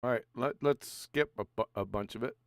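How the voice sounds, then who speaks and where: A man hosting a casual online panel chat, easygoing and quick to laugh. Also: medium pitch, creaky, no echo, studio quality. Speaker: host of a live online panel.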